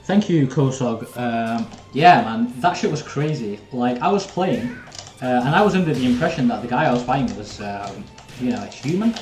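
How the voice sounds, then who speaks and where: A young man, chatting easily with his viewers as he plays live and talks through each round. His voice sits at an ordinary middle pitch and carries a roomy echo. Faint game music plays beneath him. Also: expressive, moderate pace, darkish tone. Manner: casual, chatty, talks to viewers while playing. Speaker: streamer. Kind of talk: live gameplay commentary.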